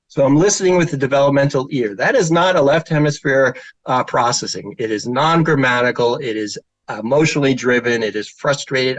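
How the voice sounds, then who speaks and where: A man's voice: medium pitch, fairly quick, dry recording, rough recording. A middle-aged man who works as a child therapist, giving a presentation talk with slides and telling stories in an informal way with fillers, now and then putting on children's voices.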